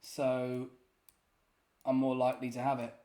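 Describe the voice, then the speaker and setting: A man's voice: medium pitch, completely flat delivery, unhurried, mellow. A man giving casual, self-deprecating commentary while playing a geography guessing game, often muttering in exasperation. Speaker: gaming YouTuber.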